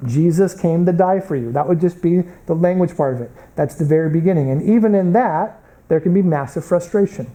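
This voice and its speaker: This recording is rough, capturing a slightly high, dark-toned voice from the United States. The man is lecturing to a Bible college class, telling stories and voicing the characters he quotes.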